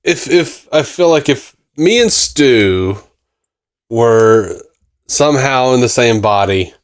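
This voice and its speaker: Male podcast co-host, unhurried delivery, joking and casual. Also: medium pitch, lively intonation. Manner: joking, slips into silly put-on voices.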